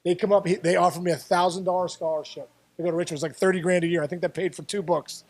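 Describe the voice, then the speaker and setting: Speaking very fast in a high-sitting voice, a former baseball player from the Pittsburgh area tells stories as an interview guest. He's animated and keeps repeating words and starting over.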